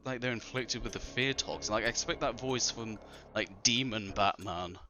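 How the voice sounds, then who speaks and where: A man co-hosting a casual film review chat, animated, with lots of fillers and mocking impressions. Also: lowish voice, moderate pace, slight background noise. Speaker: podcast co-host.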